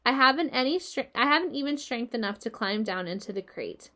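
Woman as a gentle wise spider. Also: a little high, a little fast. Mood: weary. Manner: gentle, steady, reassuring. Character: wise, gentle female spider, calm and weary.

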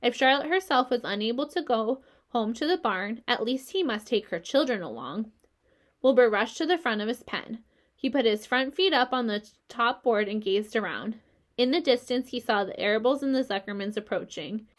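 A woman reading a children's novel aloud, telling the story in a measured, gentle way. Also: a little high, lively intonation. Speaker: reader.

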